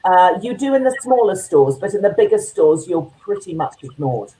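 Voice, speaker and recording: Low, mellow woman on a roomy line. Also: sing-song, moderate pace. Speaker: remote guest. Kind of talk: casual radio chat. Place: remote line from home.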